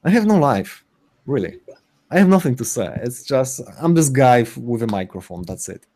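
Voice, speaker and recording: Halting, mellow-voiced middle-aged man. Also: mid-range voice, sing-song. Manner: hesitant and halting, restarts and corrects himself. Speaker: co-host on a live stream. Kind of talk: casual chat, reading out chat comments.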